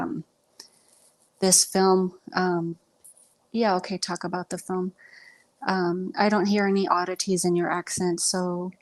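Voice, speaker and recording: A woman hosting a live film discussion in a casual chat, talking hesitantly with lots of ums and self-corrections. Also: lowish voice.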